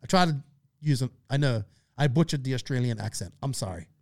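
A man's voice: mid-range voice, lively intonation, brisk, a little mellow, no room sound. A man hosting a casual podcast, chatty and loose, reading listener questions aloud. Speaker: podcast host.

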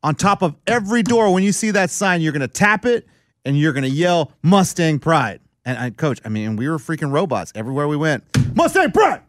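A man's voice: a little high, brisk, dry recording, clean studio sound. A man from South Texas, co-hosting a casual sports chat and ranting about his team. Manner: animated, ranting, swearing. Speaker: podcast co-host.

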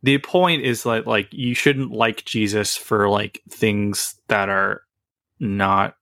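A man's voice: on the low side, fairly even intonation, slow pace, bright, forceful tone, no echo, studio quality. A young man co-hosting a podcast in casual, rambling chat, full of fillers. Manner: rambling, filler-heavy, frequent "like". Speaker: podcast co-host.

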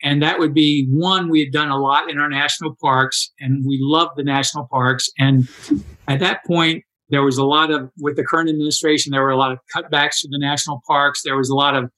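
A man in his sixties telling stories in a casual interview, animated and acting out quoted dialogue. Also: a little high, brisk, low-quality recording. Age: 60s. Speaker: interview guest, endurance athlete.

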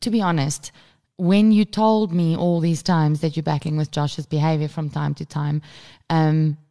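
Woman, 30s, low-pitched podcast co-host, animated storyteller who swears freely. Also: measured pace. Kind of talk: casual chat.

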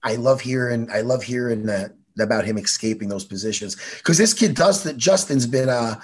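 A man's voice: medium pitch, moderate pace, slightly rough. A man hosting a podcast in casual, profane, rambling chat. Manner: animated, swears a lot, rambling. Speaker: podcast host.

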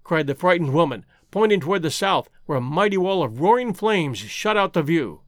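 A man reading an adventure story aloud as an audiobook narrator, with dramatic, expressive delivery. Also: fairly high pitch, moderate pace, hardly any pauses, no room sound, clean studio sound. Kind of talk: scripted narration.

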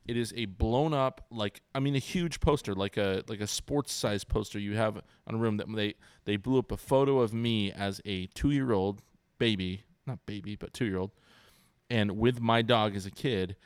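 This sports podcast co-host, a man in his forties, has a smooth, fairly low voice and a moderate pace. On the casual show he is an animated storyteller who imitates his kids' voices. The recording is dry.

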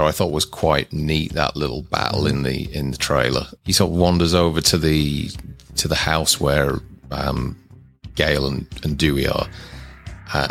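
A man co-hosting a casual film review chat, relaxed and hesitant with frequent ums. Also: rumbling low, creaky. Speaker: podcast co-host. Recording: faint synth music behind.

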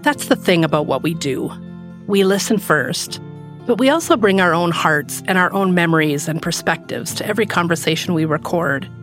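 A woman host giving scripted narration in a measured way. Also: fairly low pitch, lively intonation, a bit bright, soft background music.

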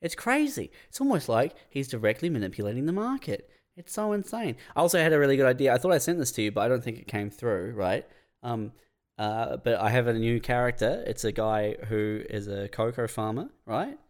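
A man co-hosting a loose comedy podcast with a jokey, laughing manner. His pitch swings widely as he riffs, rising and falling through each line. The talk is casual and irreverent. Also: very animated, brisk. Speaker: podcast co-host.

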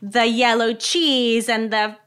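A woman's voice: fairly high pitch, steady tone, takes it slowly, fairly bright tone, smooth. A woman co-hosting a podcast about food, explaining in a casual chat with many fillers. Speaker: podcast co-host.

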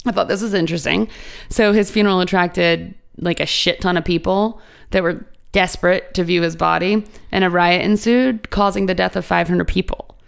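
Woman with a creaky voice, swearing casually. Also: on the low side, fairly even intonation, normal speed. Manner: profane, joking storyteller. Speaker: podcast co-host. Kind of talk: casual chat.

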